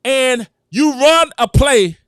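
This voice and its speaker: A man hosting a sports talk show, excitable and repetitive, calling out to his viewers. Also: very high voice, takes it slowly, clean tone, no room sound, studio quality. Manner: excitable, repeats himself, addresses viewers as "citizens". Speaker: sports commentary show host. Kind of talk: animated sports opinion talk.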